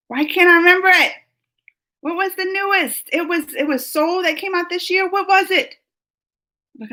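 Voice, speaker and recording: High, bright-voiced chatty woman streamer. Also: poor audio. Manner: chatty, rambling, laughs often, answers chat comments. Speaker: live-stream host. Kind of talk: casual live chat with viewers.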